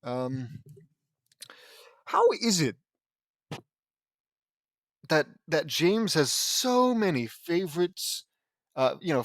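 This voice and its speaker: A man's voice: fairly high pitch, a bit bright, dry recording. Guy reading fanfic and roasting it, rambly, trips over his words, very dry sound. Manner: sarcastic, rambling, stumbles and restarts often. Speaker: audiobook reader and commentator. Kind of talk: sarcastic reading of fan fiction with commentary.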